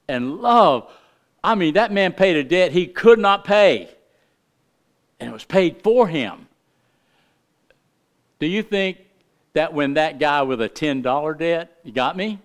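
A middle-aged male pastor preaching a sermon with impassioned emphasis, his delivery swinging between loud, rising lines and hushed, quiet ones. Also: on the high side, lively intonation, slow pace, pauses often.

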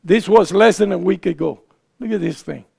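Gravelly high-voiced male preacher. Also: moderate pace, darkish tone. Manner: asks the congregation questions, folksy and teasing. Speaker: pastor. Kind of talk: conversational sermon.

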